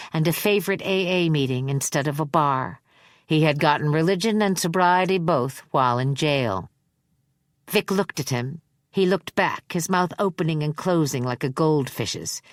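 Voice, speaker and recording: A woman narrating an audiobook in a measured, expressive reading. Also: low-pitched, no room sound, clean studio sound. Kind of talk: scripted narration.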